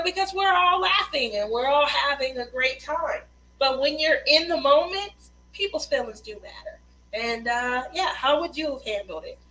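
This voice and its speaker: A chatty woman hosts a casual craft livestream, laughing often as she reads out viewer comments. Her voice sits high and bright. A faint hum runs behind her. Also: poor audio. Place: Las Vegas.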